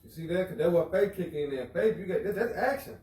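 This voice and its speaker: A man's voice: high-pitched, fast talker, darkish tone, reverberant, distant mic, slight background noise, poor audio. A man teaching in an informal religious lesson, casual, who keeps asking listeners if they follow him. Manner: casual, keeps asking "you know what I'm saying?".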